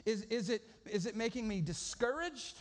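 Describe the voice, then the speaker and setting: A man's voice: high voice, animated, normal speed. A man preaching a sermon in a casual, storytelling way, often repeating words as he goes. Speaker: pastor.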